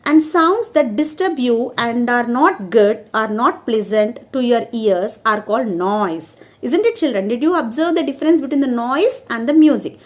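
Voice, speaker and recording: Woman, high voice, sing-song primary-school teacher on an online class. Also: expressive, moderate pace, hardly any pauses. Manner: sing-song, keeps asking "isn't it, children?". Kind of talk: online class lesson for children.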